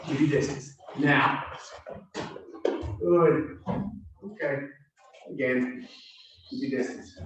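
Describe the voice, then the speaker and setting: A man teaching a self-defense drill, giving calm, reassuring, repeated cues to a student. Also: medium pitch, slight background noise. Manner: reassuring, repetitive coaching cues. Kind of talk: coaching a drill. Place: martial arts gym. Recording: very echoey room, from far off.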